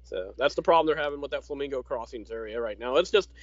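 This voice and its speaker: A man co-hosting a casual chat, easygoing and halting, with a dry sarcastic streak. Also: mid-range voice, no echo, dull audio. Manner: easygoing, many fillers and restarts, dry sarcasm. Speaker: podcast co-host.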